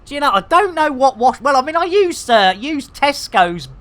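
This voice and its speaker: A woman's voice: sits high, very animated, moderate pace, fairly bright tone. A woman streaming a space game live, rambling through bawdy jokes and banter. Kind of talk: casual live gameplay commentary.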